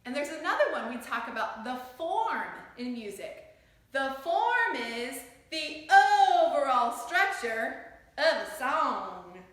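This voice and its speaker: A woman's voice: high-pitched, sing-song, slow, a bit bright. A woman teaching a children's music lesson, encouraging the class as she sings and chants rhythms along with them. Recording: echoey room.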